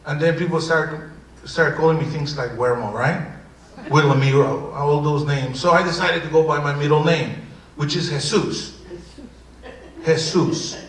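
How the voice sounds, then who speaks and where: A man's voice: on the high side, normal speed, close to an everyday voice. An actor playing a defensive, brash male immigrant comedian with a Spanish accent, rambling and stammering through a live improv bit. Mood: mocking. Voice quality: lively, rambling, stammering delivery. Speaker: improv performer. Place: theater stage before an audience. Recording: roomy hall, distant mic, loud noise.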